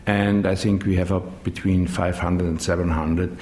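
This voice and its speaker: A middle-aged man speaks English with a German accent, pausing often to find his words. His voice sits very low. The recording is echoey, with a faint rumble behind him. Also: level tone, a little mellow. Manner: halting, searching for English words with many ums. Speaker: managing director of a dubbing studio. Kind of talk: interview answers.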